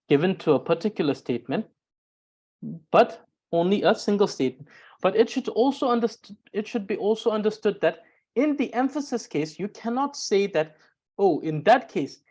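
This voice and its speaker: A woman teaching Tibetan grammar as a lesson, explaining carefully and often repeating and rephrasing her points with frequent pauses. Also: mid-range voice, darkish tone.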